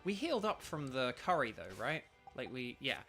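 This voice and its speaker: A man's voice: mid-range voice, big pitch swings, moderate pace, a bit bright, faint music behind. A young British man chatting casually while streaming a video game, rambling with lots of ums and restarts. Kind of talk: casual live-stream chat.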